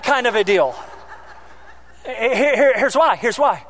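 A pastor preaching a sermon, animated, swinging between loud emphasis and quiet asides, with joking remarks to the congregation. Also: male voice, very high-pitched, a little slow, pauses often, slight background noise.

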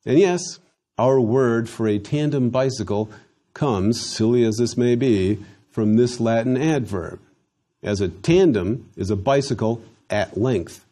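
A male teacher leads a recorded Latin language lesson with dry wit, going over phrases slowly and emphatically, his pitch lively, so students can repeat after him.

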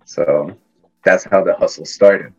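A man's voice: low voice, fairly even intonation, slow, a little mellow, breathy edge, dull audio, faint music behind. A young man from Iran, a podcast guest telling casual, self-deprecating stories with frequent restarts. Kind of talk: casual interview storytelling.

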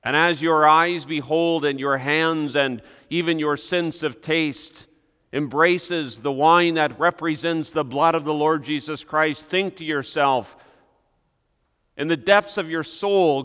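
A man preaching a sermon as pastor, deliberate and emphatic, pressing on key words. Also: fairly high pitch, a bit bright, clean tone. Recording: long reverb of a church hall.

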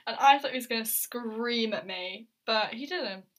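A woman's voice: on the high side, normal speed. A young woman co-hosting a podcast in casual chat, swearing freely and laughing as she tells stories. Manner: swears freely, laughs often, animated storytelling. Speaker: podcast co-host.

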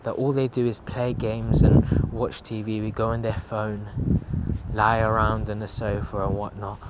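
A young man in his late teens talks straight into his own podcast, earnest and a little rambling as he urges listeners on. His voice sits on the low side. A constant layer of background noise runs under the recording. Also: flat delivery, unhurried. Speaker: podcast host. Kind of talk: solo motivational podcast monologue. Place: at home at night.

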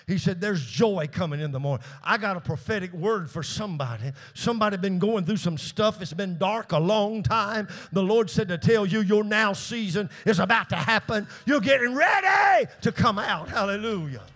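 Preacher man, high voice, goes quiet then hollers at the church. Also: animated, moderate pace, few pauses. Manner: call-and-response preaching, rising to shouts; drops to hushed low asides between shouted peaks. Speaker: pastor. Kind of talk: sermon.

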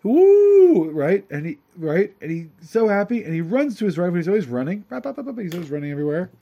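Animated, chatty man teaching a story. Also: high-pitched, fast talker, lo-fi sound. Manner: animated, chatty, often breaks into asides. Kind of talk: lesson, reading a story aloud and translating it.

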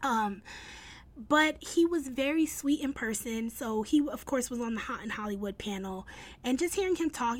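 A young woman blogger talks to her viewers in a loose, chatty way. She is upbeat, often restarts her sentences and leans on fillers. Her voice sits fairly high. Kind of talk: casual storytelling vlog.

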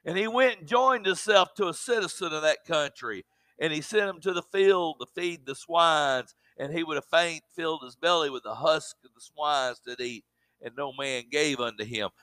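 A middle-aged male preacher with a high, bright voice, delivering a sermon that leans on repeated words and calls of amen. The sound is dry and close, with no room echo. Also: moderate pace. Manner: repeats words in bursts, rising to loud exclamations.

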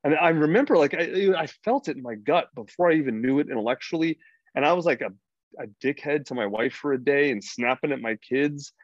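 A man's voice: on the high side, expressive, brisk, no room sound. A middle-aged American man talking bluntly and profanely as a podcast guest, rambling through his points with frequent restarts. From United States. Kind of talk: freewheeling casual conversation. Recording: dry, dull lo-fi sound.

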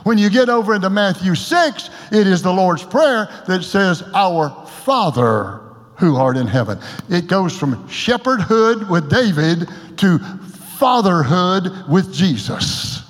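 An older male pastor with a high voice delivers a folksy, joking sermon. He breaks now and then into loud shouts. Long reverb from a church hall trails after his words. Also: a little slow. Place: church sanctuary.

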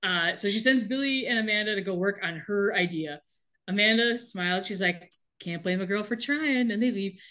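Here a woman speaks at a moderate pace in a medium pitch, her tone bright and forceful. She's a podcast co-host casually chatting through a TV episode, retelling it animatedly and laughing a lot.

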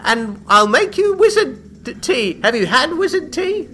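Loud squeaky mad wizard in a tabletop game, cackly and way overexcited. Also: male voice, sing-song, a little slow, slight background noise, exaggerated voice. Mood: manic welcoming. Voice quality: shrill, cackling. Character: eccentric giggly male wizard, manic and cheery.

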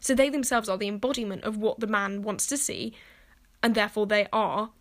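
A woman's voice: medium pitch, a little fast. A young woman, talking casually to camera and filling her speech with "like," cursing freely. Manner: chatty, swears freely, fills speech with "like".

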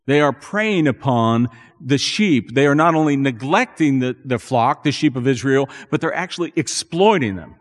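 A man preaching a sermon as a pastor, earnest and building to animated emphasis. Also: mid-range voice, moderate pace, hardly any pauses. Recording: long reverb in a church hall.

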